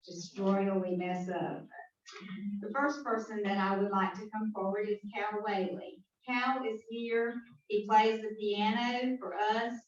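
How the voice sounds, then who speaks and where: Southern woman presiding at a club meeting, chatty thanks, dull distant room sound. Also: mid-range voice. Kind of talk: speech at a meeting. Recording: echoey hall from far off, dull sound.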